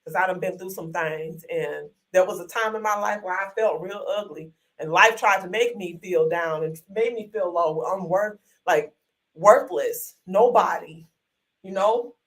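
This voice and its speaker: A woman's voice: lowish voice, a little slow, distant mic, low-quality recording. A woman hosting a live online workshop, chatty and encouraging, full of y'all, calling viewers honey and sugar into a desk microphone. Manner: folksy, uses y'all often. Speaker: workshop host.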